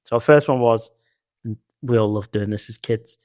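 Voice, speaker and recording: A man's voice: on the low side, moderate pace, darkish tone, no echo, clean studio sound. A man co-hosting a podcast, telling stories in a laid-back, casual chat and swearing freely. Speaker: podcast co-host.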